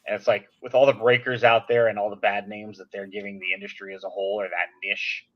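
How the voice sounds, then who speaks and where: A man hosting a casual podcast chat, telling an animated, venting story in an everyday voice. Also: fairly low pitch, fast talker, highs cut off. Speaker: podcast host.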